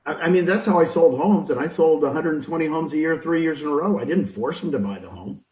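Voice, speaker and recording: A man's voice: fairly high pitch, lively intonation, fast. A man giving punchy advice with rhetorical questions, recorded echoey, distant and dull. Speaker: interviewee, real estate recruiting mentor. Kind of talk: animated advice talk.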